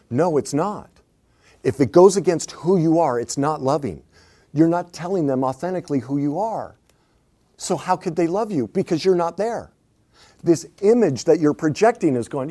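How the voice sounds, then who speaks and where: A middle-aged man coaching on relationships, swinging between hushed reflection and loud emphatic points. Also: a little high, big pitch swings, moderate pace. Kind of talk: animated advice talk.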